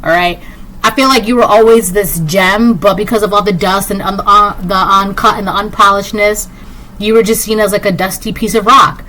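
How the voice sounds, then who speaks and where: Woman doing a chill tarot reading, lots of ums and likes, kinda sassy, sharp bright voice. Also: mid-range voice, steady tone, normal speed, slight background noise, rough recording. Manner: rambling, filler-heavy, with frequent "like" and "um". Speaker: tarot reader. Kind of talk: casual collective tarot reading.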